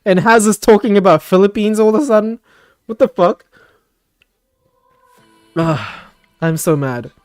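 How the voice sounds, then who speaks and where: A man's voice: high voice, measured pace, long pauses, clean tone, dry recording, studio quality, faint music behind. A man hosting a casual voice chat, ranting with plenty of swearing and laughter.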